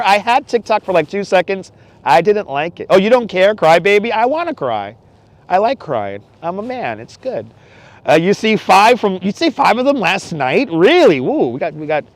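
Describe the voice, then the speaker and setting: A man's voice: high voice, dry recording. A middle-aged man hosting a casual live stream outdoors on a cold beach at night, chatting with viewers and laughing often. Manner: chatty, laughs often, reads chat aloud. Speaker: livestream host. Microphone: wireless clip-on mic.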